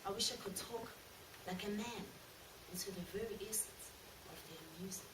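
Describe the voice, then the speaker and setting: Woman reciting poetry from afar. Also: medium pitch. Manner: measured, declamatory, rhythmic. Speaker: drama student. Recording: echoey room, from far off, noisy.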